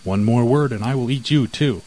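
A man's voice: mid-range voice, normal speed, mellow, close to an everyday voice, low-quality recording. A man voicing a greedy, sly female house cat in a storybook, cool and evasive. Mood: menacing.

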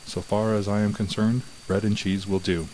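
A man voicing a curious, excitable country miller who exclaims in surprise, with a low voice. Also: moderate pace, a little hiss or hum, lightly acted, poor audio. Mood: eager.

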